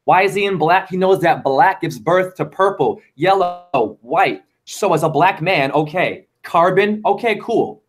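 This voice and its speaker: A man's voice: sits high, lively intonation, unhurried, few pauses. A man talking as a show guest in a rambling, fervent monologue full of wordplay. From United States. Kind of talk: casual chat.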